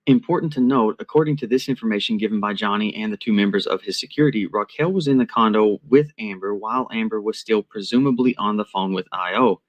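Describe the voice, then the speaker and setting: A man with a slightly low voice narrates a prepared commentary. He lays out each point in a measured, deliberate and analytical way.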